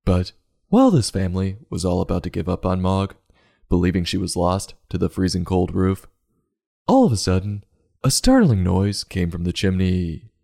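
Low gravelly man joking through a book review. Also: lively intonation, normal speed, dark tone. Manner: sarcastic, jokey. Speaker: podcast host reviewing children's books.

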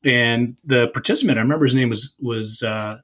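In casual chat, a birding tour leader tells an old story at a slightly quick clip, his voice medium in pitch. He's animated, repeats himself, and leans heavily on filler phrases.

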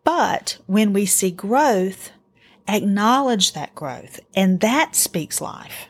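A middle-aged woman hosting a casual faith-based parenting talk, earnest and encouraging, telling family stories in an animated way. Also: mid-range voice, slow pace, slightly rough. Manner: earnest, encouraging, animated storytelling with acted quotes. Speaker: podcast host.

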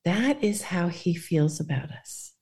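A woman guest on a faith podcast, speaking earnestly and guiding listeners through a quiet reflection. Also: lowish voice, lively intonation, measured pace, breathy edge.

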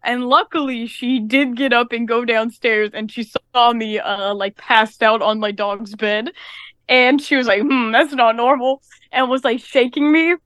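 A woman's voice: fairly high pitch, steady tone, measured pace, fairly bright tone, clear, resonant tone, dry recording, clean studio sound. A woman in her twenties, a podcast co-host telling a story in a rambling, breezy way. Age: 20s. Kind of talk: casual chat.

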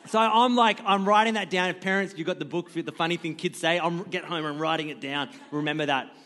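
A man's voice: on the high side, a little fast, pushed and bright, in a large hall. A man in his thirties preaching as a guest pastor, joking and self-deprecating as he tells stories about his family. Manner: jokey, self-deprecating storyteller. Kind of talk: sermon. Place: church stage.

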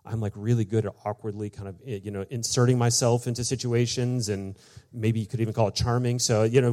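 A man, the pastor, telling a personal story in a sermon, chatty and full of "like" and "you know", acting out each quoted line with big jumps in his voice. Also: brisk. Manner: animated storyteller, acts out quoted lines with big pitch jumps; casual, many fillers like "like" and "you know".

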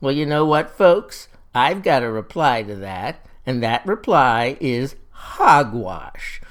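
A man's voice: mid-range voice, big pitch swings, takes it slowly, a bit bright. A man playing a pompous, folksy Mississippi farmer, holding forth in a satirical comic monologue.

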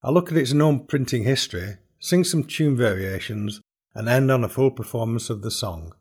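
A man hosting a podcast, reading a scripted explanation in a measured, explanatory way. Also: medium pitch, animated, darkish tone, slightly rough. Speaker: podcast host and folk singer.

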